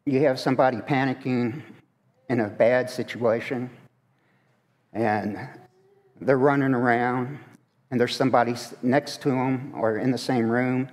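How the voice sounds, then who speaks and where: A man's voice: medium pitch, fairly even intonation, a little slow, long pauses, a little mellow. A man preaching a conversational sermon in a church, asking the congregation questions as he goes. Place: church sanctuary. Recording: long hall reverb.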